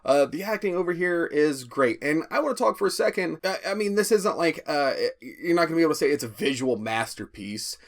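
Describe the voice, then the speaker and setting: A man's voice: fairly high pitch, animated, brisk, few pauses. A man giving a rambling, profane spoken movie review, often stammering and restarting. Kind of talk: casual spoken film review.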